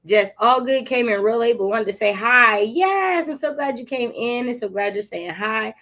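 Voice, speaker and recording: A woman hosting a casual writing livestream, chatty and encouraging as she reads viewers' comments and clears her throat now and then. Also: a little high, expressive, moderate pace, few pauses, a bit bright. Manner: occasional throat clearing and coughs. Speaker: livestream host.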